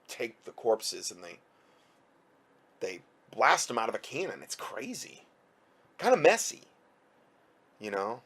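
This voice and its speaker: A man reading out news reports and breaking in with sarcastic, heated commentary. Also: medium pitch.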